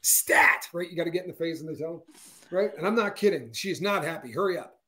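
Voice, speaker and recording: A man's voice: fast talker, crowd noise. A man in his fifties, co-hosting a casual chat and acting out quotes with big jumps in his voice. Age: 50s. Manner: animated storyteller, acts out quotes with big pitch jumps. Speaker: co-host.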